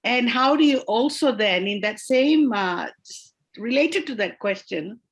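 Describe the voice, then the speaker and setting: A woman's voice: on the high side, animated, unhurried, husky. Hesitant woman asking a question. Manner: hesitant, restarts phrases. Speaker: course participant asking a question. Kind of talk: asking a question in an online class.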